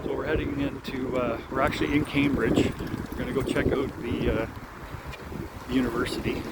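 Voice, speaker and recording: A Canadian man talks through a casual travel vlog at an everyday pitch, rambling along with plenty of ums and uhs. He records outdoors and from a car, with street and traffic noise clearly audible behind him. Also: level tone, moderate pace. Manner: chatty, rambling, with frequent fillers. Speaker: travel vlogger.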